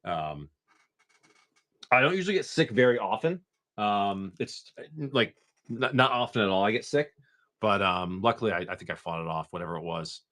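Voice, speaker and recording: A man's voice: on the low side, lively intonation, normal speed, fairly bright tone. A man from Massachusetts hosting a casual live stream, rambling in a laid-back way and swearing freely. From Massachusetts, USA.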